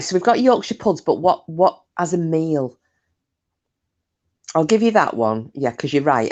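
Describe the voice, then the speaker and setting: A woman's voice: a bass voice, a little mellow. Woman streamer just nattering to chat, swears a lot, laughs at herself. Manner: chatty, swears freely, self-mocking. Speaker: live streamer chatting with viewers. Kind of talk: casual chat with live chat.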